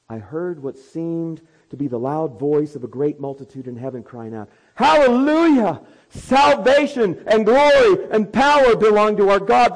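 A man preaching a sermon in a fairly high voice. He moves from soft, quick asides to loud, fervent proclamation. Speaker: pastor.

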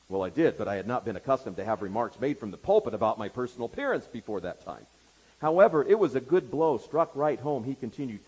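A man's voice: mid-range voice, animated, brisk, darkish tone, breathy edge, rough recording. A pastor preaching a sermon, retelling a story to his congregation with wry asides.

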